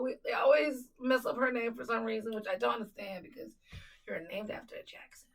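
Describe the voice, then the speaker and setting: A woman co-hosting a podcast in casual, animated chat, teasing and laughing often. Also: fairly high pitch, a little fast, gravelly, recorded from a distance, low-quality recording. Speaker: podcast co-host.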